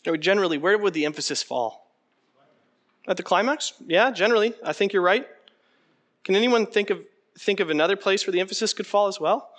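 A man leading an interactive teaching session, conversational and animated, often putting questions to the room. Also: high voice, a little fast. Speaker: preaching workshop instructor.

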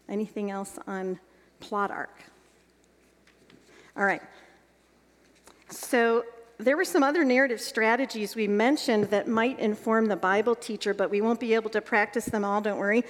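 A woman's voice: on the high side, in a large hall. A woman leading an evening workshop on teaching the Bible, guiding the group and checking with questions as she goes.

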